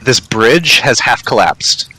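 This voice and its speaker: A man narrating a tabletop game as game master, halting, with many ums and restarts. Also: mid-range voice, lively intonation, pushed and bright, husky, low-quality recording.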